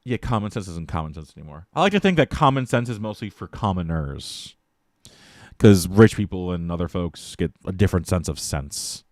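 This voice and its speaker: Animated, ranting male streamer. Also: sits low, no echo, clean studio sound. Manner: animated ranting, swearing freely. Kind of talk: casual chat stream.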